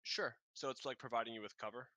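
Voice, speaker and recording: A man's voice: medium pitch, fairly even intonation, pushed and bright, no room sound. A man narrating a tabletop game as game master, often stopping and restarting his sentences. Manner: halting, restarts mid-sentence.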